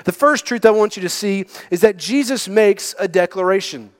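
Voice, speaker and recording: A man preaching a sermon as pastor, emphatic and sometimes dropping to a hush. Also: high voice, moderate pace. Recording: long hall reverb.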